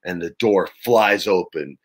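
A man as an interview guest, telling casual stories in an animated way with swearing and laughter. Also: low voice, measured pace, breathy edge. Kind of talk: casual storytelling.

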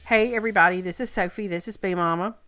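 A woman's voice: fairly low pitch, quick pace, bright, forceful tone, faint music behind. A woman co-hosting a podcast, gushing and enthusiastic in casual chat. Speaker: podcast co-host.

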